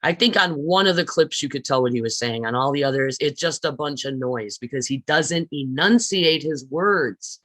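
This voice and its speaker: A woman teaching public speaking in a recorded lecture, stressing words deliberately and often asking her listeners questions. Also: low voice, expressive, fairly bright tone, dry recording. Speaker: speech teacher.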